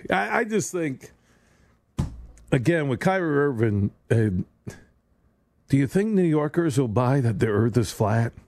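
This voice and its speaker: Hosting a sports radio show, a man delivers a rambling, sarcastic solo monologue full of stumbling restarts into a studio microphone. His medium-pitched voice is sing-song and a little mellow, moving a bit slowly with frequent pauses.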